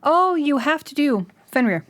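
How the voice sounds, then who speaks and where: A young woman streaming live, chatting casually with her viewers, giggling often and breaking into excited high squeals. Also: normal speed.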